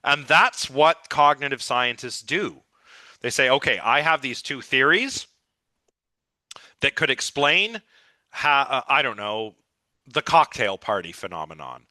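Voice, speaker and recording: A man's voice: medium pitch, very animated, measured pace, pushed and bright, no room sound. A man lecturing a live philosophy class with eager, rambling enthusiasm, his voice a little scratchy. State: slightly scratchy voice.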